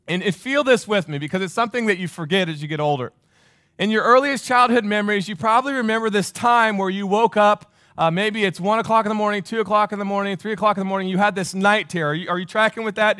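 Forty-something male preacher, higher voice, repeats lines and quizzes the congregation. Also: pushed and bright, clear, resonant tone, no room sound, clean studio sound. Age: 40s. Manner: emphatic, repeats phrases, asks the crowd questions. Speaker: pastor. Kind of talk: sermon.

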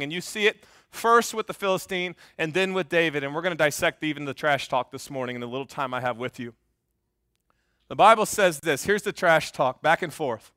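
A man's voice: sits high, fairly bright tone, no room sound, studio quality. A male pastor preaching a sermon in a joking, conversational way, often quizzing the congregation.

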